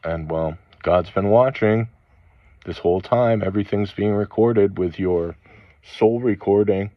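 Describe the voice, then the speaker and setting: A man with a low, heavy voice rants through a rambling spiritual monologue, swearing angrily and stopping between phrases. The recording is dull and lo-fi, with no room sound. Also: no room sound. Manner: angry, profane ranting with halting pauses. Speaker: channel host.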